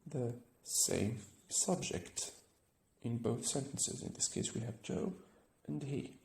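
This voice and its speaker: A man's voice: medium pitch, takes it slowly, vocal fry, a little mellow, reverberant. A man teaching an English grammar lesson, explaining step by step and often checking with "right?".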